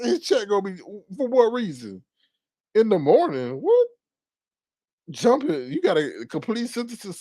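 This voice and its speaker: A man hosting casual reaction commentary, teasing and animated, breaking into laughs and drawn-out exclamations. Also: a little high, dry recording. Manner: drawn-out exclamations like "Lord have mercy". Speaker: commentary channel host.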